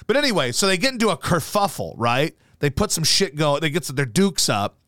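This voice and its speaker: A man hosting a casual talk show, telling rambling, profane stories packed with fillers. His slightly high voice swings widely in pitch. The sound is close and dry. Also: big pitch swings, a little fast, pushed and bright, no echo. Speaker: show host. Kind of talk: casual chat.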